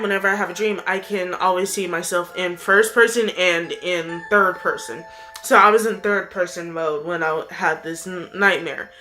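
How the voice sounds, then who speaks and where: A woman's voice: mid-range voice, bright, forceful tone. A young woman vlogger telling a story casually, rambling with plenty of fillers.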